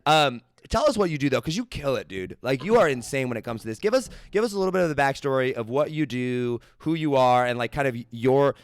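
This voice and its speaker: Energetic young man hosting a podcast. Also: medium pitch, fast, hardly any pauses, clear, resonant tone, dry recording. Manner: energetic, animated storytelling with quoted dialogue. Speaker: podcast host. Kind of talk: casual interview chat.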